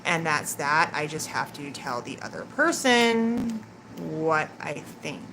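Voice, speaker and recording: A woman's voice: low-pitched, animated, slow. A woman doing a live-stream tarot reading, chatting and teasing with her viewers and laughing often. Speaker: tarot reader. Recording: clear background noise.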